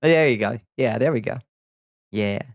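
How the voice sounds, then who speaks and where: Chatting casually with viewers during a live stream, this man laughs a lot and swears offhandedly. He speaks at a moderate pace in a mid-range voice, with no room sound.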